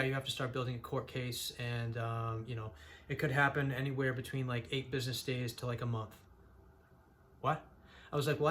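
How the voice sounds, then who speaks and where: Guy vlogging his own story, earnest, stumbles and restarts a lot, middle-pitched voice. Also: a bit bright, a little hiss or hum. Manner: earnest, frequent restarts, rising to heated when recounting anger. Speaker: vlogger sharing his mental health story. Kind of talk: candid personal storytelling to camera.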